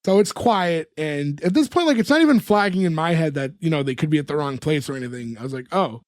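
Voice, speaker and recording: A man's voice: fairly high pitch, expressive, fast talker, dry recording, clean studio sound. A man co-hosting a podcast, casually retelling a sitcom episode scene by scene and acting out the characters' lines as he goes. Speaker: podcast co-host. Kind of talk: casual chat recapping a TV episode.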